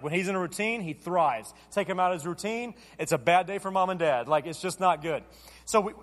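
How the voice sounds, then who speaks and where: A man in his thirties, a pastor telling a self-deprecating family story during a sermon and acting out his own side of the dialogue with animated energy. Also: high voice. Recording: long reverb of a large hall.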